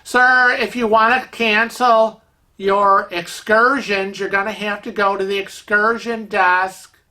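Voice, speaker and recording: A man's voice: high-pitched, flat delivery, takes it slowly, sharp tone, heavily acted. Give me a man playing a curt young cruise clerk with stiff politeness. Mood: dismissive. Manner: dismissive, scripted politeness.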